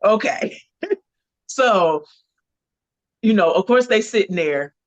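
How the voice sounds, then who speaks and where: A woman's voice: medium pitch, slow pace, no room sound. Woman guest on muffled audio. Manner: earnest, expressive, thinks aloud. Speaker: actress, interview guest. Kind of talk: casual interview chat.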